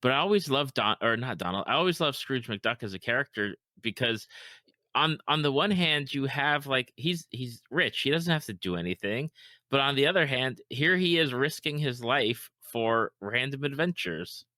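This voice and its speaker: A middle-aged man hosting a podcast in casual chat, animated and quick to laugh. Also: medium pitch, no echo, clean studio sound. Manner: laughs easily, animated storytelling. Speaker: podcast host.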